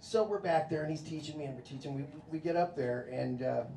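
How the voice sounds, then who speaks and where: A man's voice: on the high side, fairly quick, creaky, warm tone, a little hiss or hum. An American man performing a stand-up comedy set, telling stories in a laid-back way and putting on mock voices. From United States. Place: comedy club stage. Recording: echoey club, live crowd. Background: audience laughter.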